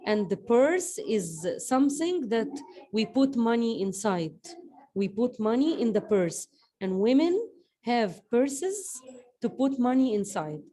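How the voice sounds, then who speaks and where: Slow, mellow woman teacher. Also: on the high side, sing-song, poor audio. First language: Arabic. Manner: slow, repeats words and drills pronunciation. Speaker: English teacher. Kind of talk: online class teaching.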